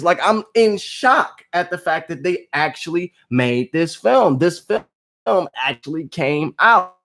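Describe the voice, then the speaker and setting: A man talking casually to his vlog audience, reviewing a movie with animated outbursts and low asides. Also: moderate pace. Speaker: movie vlogger.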